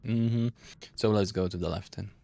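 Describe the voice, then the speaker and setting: A young man with a delivery, commentating a game and reading its text aloud, thinking out loud and laughing often. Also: fairly low pitch, normal speed, slight background noise. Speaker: gaming YouTuber. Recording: gravelly voice over faint game ambience.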